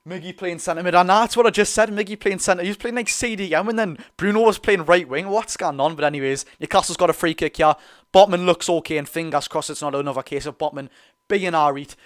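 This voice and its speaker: Excitable Geordie man doing fan commentary. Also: sits high, fast talker. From North East England. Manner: excitable, chatty, bursts into loud reactions. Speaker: streamer hosting a football watch-along.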